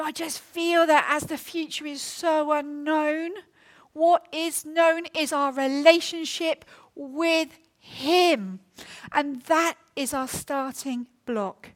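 Middle-aged woman preacher, fairly high voice, earnest and heartfelt sermon delivery in a church. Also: slow. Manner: earnest, personal, emotional storytelling with fillers.

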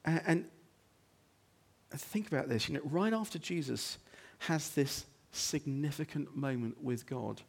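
This pastor's gravelly voice sits a bit above the typical male range. Preaching to his congregation in a conversational style, he keeps asking rhetorical questions and tossing in quick "okay?" asides, moving between hushed low moments and loud, emphatic ones.

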